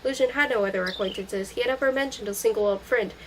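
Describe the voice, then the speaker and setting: A woman's voice: mid-range voice, fast, slight background noise, low-quality recording. A woman reading a novel aloud, moving steadily through long sentences with small slips and restarts. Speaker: audiobook reader.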